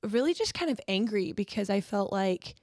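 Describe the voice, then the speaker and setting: A woman in her twenties co-hosts a podcast, telling candid stories in a casual chat and laughing often. Her mid-range voice is expressive and a little mellow at a moderate pace, with clean studio sound and no room sound.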